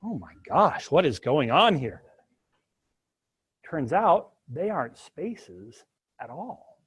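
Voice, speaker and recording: A man teaching a coding class live, thinking aloud as he works through each step. His slightly high voice has a husky edge. His pitch swings widely as he cracks jokes along the way. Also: takes it slowly. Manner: animated, jokey asides while working through code. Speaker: university instructor.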